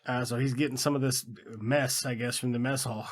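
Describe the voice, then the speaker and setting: A man's voice: mid-range voice, steady tone, brisk. A man co-hosting a casual movie podcast, swearing freely, laughing often and acting out characters in silly voices. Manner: profane, laughing, acts out characters. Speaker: podcast co-host.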